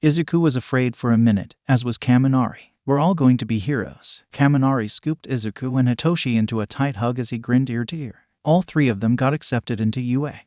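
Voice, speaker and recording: A man giving a steady scripted narration of a fan fiction story. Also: mid-range voice, fairly quick, hardly any pauses, no echo, studio quality.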